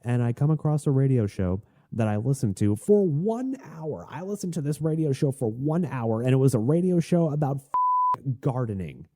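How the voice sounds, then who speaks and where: A man hosting a solo podcast, talking in a rambling, chatty and excitable way. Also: medium pitch, moderate pace, no room sound. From Tennessee. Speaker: podcast host.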